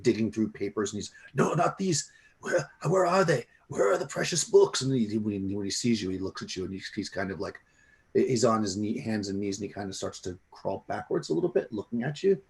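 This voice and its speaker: A man narrating as game master of a tabletop game, rambling with many restarts. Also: lowish voice.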